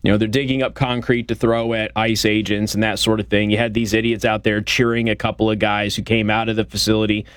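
A man's voice: lowish voice, level tone, fast, few pauses, fairly bright tone, clear, resonant tone, dry recording, studio quality. A man hosting a political talk show, giving a blunt, opinionated monologue with frequent fillers. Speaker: radio show host.

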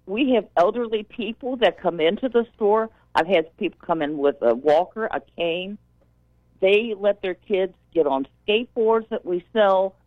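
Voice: medium pitch, no room sound, phone-quality sound. A caller on a call-in radio show, retelling a story and repeating what was said. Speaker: caller, store worker. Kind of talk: phone-in storytelling.

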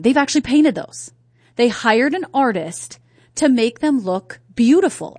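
A woman's voice: a little high, no echo. A woman from North Carolina hosting a talk radio show, chatting casually and asking her listeners rhetorical questions. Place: radio studio. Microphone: studio microphone.

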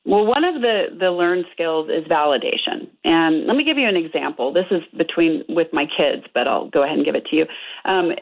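A woman's voice: low-pitched, lively intonation, a little fast. A middle-aged woman, a couples therapist, explaining earnestly as a radio guest over the phone, with many fillers. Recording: tinny phone line.

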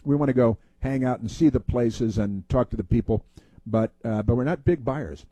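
A man's voice: medium pitch, warm tone, breathy edge, no echo. A man hosting a casual show, answering listener mail in a rambling monologue full of fillers and restarts. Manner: halting, many fillers and restarts.

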